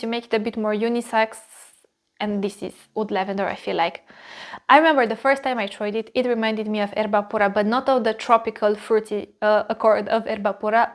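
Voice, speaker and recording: A woman reviewing fragrances in a casual video, gushing and repeating phrases as she searches for words. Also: fairly high pitch.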